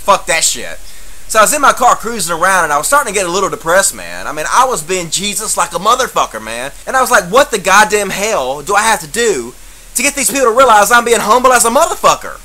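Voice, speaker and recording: A man's voice: sits high, sharp tone, poor audio. A man, telling a profane, sarcastic comic story as a rant monologue. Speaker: comedian.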